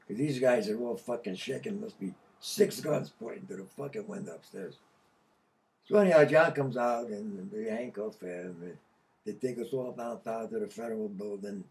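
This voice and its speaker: An older man from Connecticut telling a story casually, profane and animated, laughing mid-sentence. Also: mid-range voice, moderate pace, gravelly, far from the mic. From Connecticut, USA. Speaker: podcast guest.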